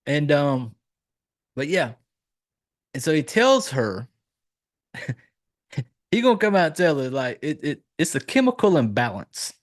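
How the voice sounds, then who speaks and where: A married man hosting a horror movie podcast, recapping scenes in casual chat and acting out the characters' lines in a raised voice. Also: a little high. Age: adult, married. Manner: loose, profane storytelling, acting out lines in a raised voice. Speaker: podcast host reviewing a horror film.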